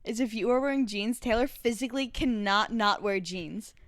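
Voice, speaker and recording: Young woman cohost, high voice, dry close mic, playful teasing chat. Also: moderate pace, no room sound. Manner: playful, mimics baby talk with mock disgust. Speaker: podcast co-host. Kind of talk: casual chat.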